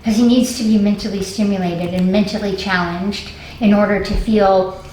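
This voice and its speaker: A woman dog trainer giving a hands-on lesson, explaining calmly and coaxing the dog with upbeat praise. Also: medium pitch, moderate pace. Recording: distant, echoey, faint noise.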